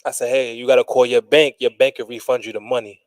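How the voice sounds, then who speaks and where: Relaxed storytelling man, dry close sound. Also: mid-range voice, fast talker, no room sound, rough recording. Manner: relaxed, wry storyteller who laughs at his own story. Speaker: podcast co-host. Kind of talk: casual storytelling chat. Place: small studio room.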